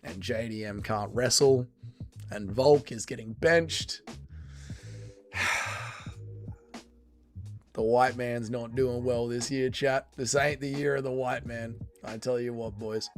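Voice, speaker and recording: A young man hosting a casual livestream, reading chat aloud, swinging between loud bursts and low mumbles. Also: fairly even intonation, takes it slowly, long pauses, faint music behind.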